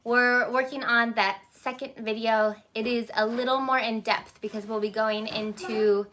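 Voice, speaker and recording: A woman with a slightly high voice and steady tone speaks unhurriedly while a crowd murmurs behind her. In her thirties, she streams live baking from her phone in a little home kitchen, chatting casually, greeting viewers by name and stopping now and then to tell her kids what to do.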